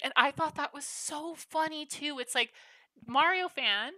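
Bright, bubbly woman streamer. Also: high-pitched, lively intonation, normal speed, dry recording. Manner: bubbly, chatty, reacting to chat. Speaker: gaming livestream host. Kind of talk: casual livestream chat with viewers.

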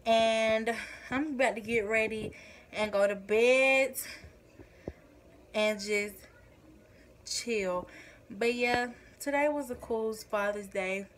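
A woman's voice: on the high side, slow, long pauses, a little hiss or hum. A young woman, vlogging casually to her phone, chatty and a bit out of breath. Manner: chatty, addresses viewers as y'all. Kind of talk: casual vlog talk to camera.

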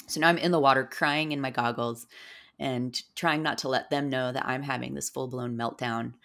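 Woman with a super deep gravelly voice, rambling through a story, lots of ums. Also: a bit bright. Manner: rambling, filler-heavy storytelling. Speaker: podcast guest, psychedelic guide. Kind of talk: casual storytelling interview.

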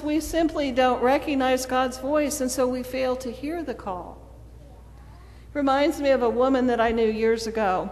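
A woman's voice: fairly high pitch, darkish tone. A woman preacher delivering a sermon in a storytelling manner, acting out the quoted dialogue. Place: church sanctuary. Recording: long church reverb.

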